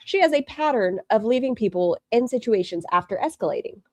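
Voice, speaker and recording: A woman's voice: on the high side, expressive, brisk, a little mellow, no room sound. A woman hosting critical reaction commentary, blunt and sarcastic. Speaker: commentary host.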